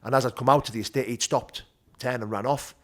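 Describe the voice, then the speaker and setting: A man with a Teesside accent telling his rough childhood story as an interview guest, blunt and animated, swearing freely. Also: medium pitch, fast. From North East England. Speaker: guest, bare knuckle fighter. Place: gym.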